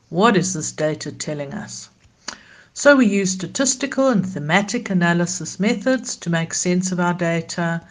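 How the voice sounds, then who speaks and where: A speaker explaining research analysis in a matter-of-fact scripted voice-over. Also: medium pitch.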